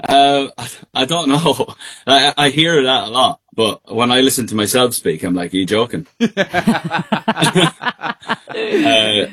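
A man with an Irish accent, a singer being interviewed over a remote call, relaxed and laughing easily with plenty of fillers. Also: medium pitch, slow pace, long pauses, slightly rough. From Ireland. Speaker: guest singer. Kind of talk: casual interview chat.

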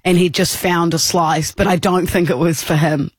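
A woman co-hosting a radio show, telling a story in an animated, giggly way. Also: lowish voice, normal speed, breathy edge, no echo. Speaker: radio co-host. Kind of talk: casual radio banter. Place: radio studio.

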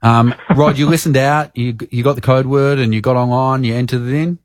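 A man's voice: mid-range voice, fairly even intonation, brisk, dry recording, studio quality. A man with an Australian accent hosting a radio show and calling a prize winner, joking and upbeat. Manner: jokey, upbeat banter. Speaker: radio host. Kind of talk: breakfast radio prize call. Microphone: studio microphone.

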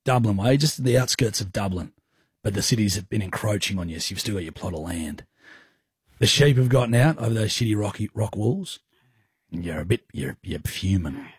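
A man's voice: fairly low pitch, animated, a little fast, husky, no room sound, studio quality. A man hosting a radio show, teasing his co-host in playful, casual banter. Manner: teasing, playful, laughs often. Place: radio studio.

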